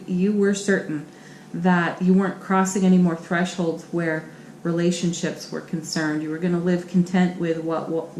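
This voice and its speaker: A woman with a fairly low voice reads tarot cards for her viewers. She talks in an affirming, encouraging way. The room gives an echoey sound over faint background ambience. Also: warm tone, a little hiss or hum. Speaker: tarot reader. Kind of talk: channel tarot reading.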